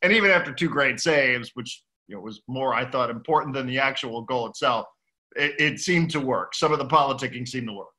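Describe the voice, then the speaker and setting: A man in casual sports talk with a bright, forceful voice. He sounds relaxed and conversational, cursing freely as he breaks down a match. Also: medium pitch, brisk. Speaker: podcast co-host.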